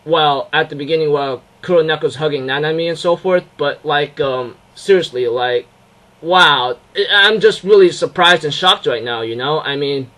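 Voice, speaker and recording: Young male reviewer, bright and higher-pitched, gushing and rambling, full of fillers. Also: normal speed, rough recording. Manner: excitable, rambling, many fillers and restarts. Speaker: anime reviewer. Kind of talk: casual episode review.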